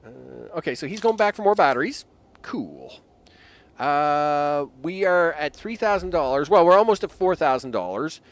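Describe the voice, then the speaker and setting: Brief: young male streamer, rambling live game commentary, animated pitch, chuckling asides. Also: moderate pace. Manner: rambling, jokey, chuckling asides, talks to himself.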